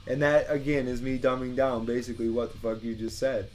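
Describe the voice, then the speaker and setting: A man's voice: mid-range voice, little pitch movement, brisk, a little mellow. Blunt, profane podcast man in his thirties. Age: 30s. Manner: blunt, profane, hesitant restarts. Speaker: podcast co-host. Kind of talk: casual podcast chat.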